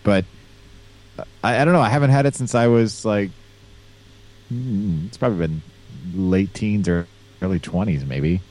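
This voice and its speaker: A man's voice: fairly low pitch, normal speed, long pauses, a little mellow. A man co-hosting a podcast in casual chat, rambling with crude jokes and lots of fillers over a remote call mic. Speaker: podcast co-host.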